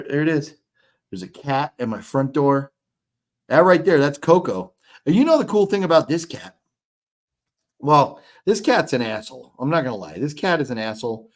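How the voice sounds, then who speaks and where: A man in his fifties hosting a casual livestream, rambling and swearing as he reads chat comments. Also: medium pitch. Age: 50s. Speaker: livestream host. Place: hotel room.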